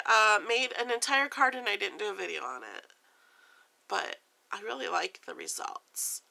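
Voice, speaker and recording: Here's a woman vlogger in casual chat mode, her talk scattered and rambling, her energy jittery and overstimulated, with self-directed laughter along the way. She speaks high, with vocal fry and a bright, forceful tone.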